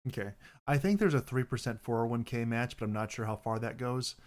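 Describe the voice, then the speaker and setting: A man's voice: medium pitch, a little fast. Rambling young man chatting casually. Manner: rambling, self-correcting, bursts into loud mock voices. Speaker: podcast host. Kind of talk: casual chat on stream.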